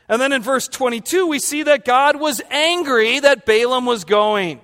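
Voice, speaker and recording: A man's voice: very high-pitched, expressive, measured pace, fairly bright tone, big-room sound. A male pastor preaching a conversational sermon, quizzing his congregation and slipping in humorous asides.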